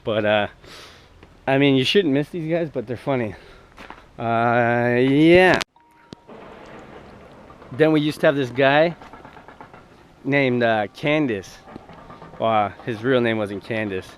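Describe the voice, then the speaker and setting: A man's voice: mid-range voice, slow, pauses often, slight background noise. A man telling stories in a casual, rambling, profane way full of fillers, recorded outdoors by the sea. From Hamilton, Ontario, Canada. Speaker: vlogger. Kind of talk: casual storytelling.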